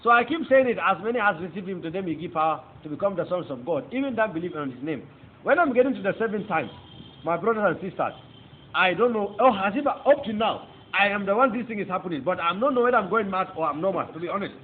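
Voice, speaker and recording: A man's voice: high-pitched, animated, fast talker. A man with a Nigerian accent giving a fervent testimony sermon, whose first language is Hausa. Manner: fervent, emphatic storytelling. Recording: tinny phone-like recording with faint noise.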